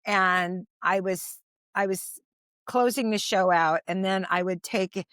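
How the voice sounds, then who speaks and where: A woman's voice: medium pitch, fairly even intonation, slow, fairly bright tone, no echo. A woman in her sixties, a stand-up comedian, telling stories as an interview guest, rambling with many restarts and fillers. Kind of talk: casual anecdotal storytelling.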